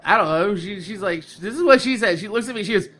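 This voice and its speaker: A man hosting a gaming video, telling a loud, profane story and laughing through it, then talking calmly through game gear. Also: sits high. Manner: slows down and over-enunciates when quoting himself. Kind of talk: casual storytelling rant over gameplay.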